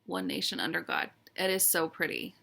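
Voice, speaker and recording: A woman's voice: fairly low pitch, expressive, moderate pace, gravelly, bright, forceful tone. A woman chatting casually as she shows her stitching projects, fond and a little wistful, with frequent "um"s. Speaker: cross-stitch vlogger. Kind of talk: casual show-and-tell chat.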